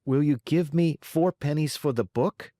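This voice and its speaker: A man's voice: a little high, unhurried, warm tone, dry recording, clean studio sound, pitched above the performer's own voice, close to an everyday voice. A man voicing a young wooden boy puppet who pleads eagerly in a raised voice. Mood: pleading.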